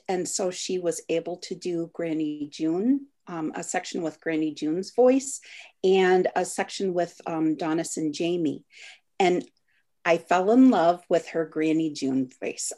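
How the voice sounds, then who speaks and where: A woman talks about her work as a guest on a video call, at a slow and unhurried pace. Her voice sits low and her manner is earnest and thoughtful. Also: darkish tone. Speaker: author interviewed as a guest. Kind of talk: casual interview over video call.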